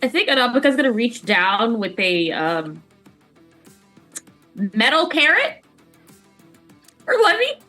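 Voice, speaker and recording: A woman playing a tabletop game, speaking quickly and hesitantly, describing her character's actions. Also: on the high side, very animated, pushed and bright, faint music behind. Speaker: player. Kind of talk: casual tabletop play.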